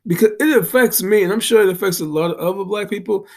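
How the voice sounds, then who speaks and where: A man in his sixties from Boston talks straight to the camera. His voice sits a little high, and he speaks in an earnest, emphatic way, repeating himself for stress. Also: quick pace, vocal fry. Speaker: vlogger. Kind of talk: casual storytelling monologue.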